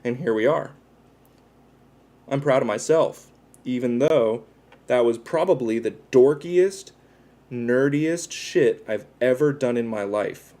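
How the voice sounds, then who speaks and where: A man's voice: mid-range voice, takes it slowly, pauses often, dark tone. A man chatting casually with his viewers on a livestream, rambling and self-deprecating as he talks while tattooing himself.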